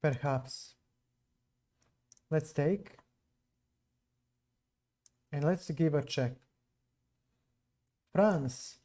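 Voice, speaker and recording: A man's voice: a little high, drawn-out words, long pauses, dark tone. A man from Serbia with a non-native English accent, streaming chess live and musing to viewers between moves. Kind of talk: live stream commentary while playing.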